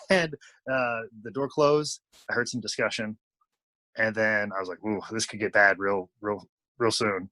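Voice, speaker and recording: This low-quality clip, with no room sound, features a medium-pitched man spinning a lengthy story as a guest in an interview. He's lively and casual, voicing the quoted people as he goes.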